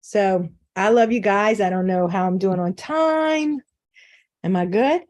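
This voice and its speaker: A woman's voice: mid-range voice, a little slow, darkish tone. A middle-aged woman giving an informal faith talk on a video call, candid and self-mocking, laughing often. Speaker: guest speaker.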